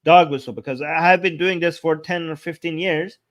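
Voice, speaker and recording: Man, high voice, reaction commentary, incredulous, exasperated, stumbling restarts. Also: fairly even intonation. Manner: talks fast with many restarts. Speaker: live stream commentator. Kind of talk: reaction commentary on video clips.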